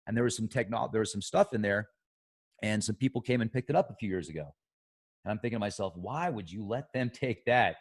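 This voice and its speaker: A man hosting a conspiracy talk show, rambling in a casual monologue that jumps between loud excitement and soft trailing asides. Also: lowish voice, quick pace. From United States.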